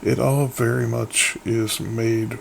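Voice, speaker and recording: Gravelly-voiced man in casual, profane chat. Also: medium pitch, level tone, slow pace, slight background noise. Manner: rambling, profane, loose.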